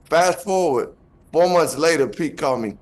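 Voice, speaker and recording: A man's voice: on the high side, expressive, normal speed. Chicago man telling a studio story. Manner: acts out quotes, laughing, back-and-forth. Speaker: guest rapper. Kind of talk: animated storytelling.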